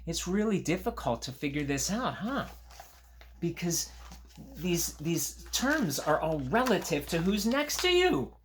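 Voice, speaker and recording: Male teacher, children's read-aloud; animated, swooping delivery, takes his time. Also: sits high, measured pace, a little hiss or hum. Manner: animated, gentle, talks to young listeners. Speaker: teacher reading a picture book aloud. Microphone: camera on a tripod.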